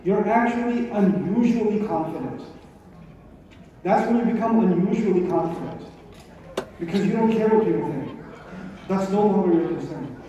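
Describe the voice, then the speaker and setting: A man's voice: sits high, mellow, far from the mic, a little hiss or hum. A man giving a live religious talk to an audience, speaking emphatically with rhetorical questions and repetition. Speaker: Islamic speaker. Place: large event hall. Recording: echoey hall recording from afar, dull.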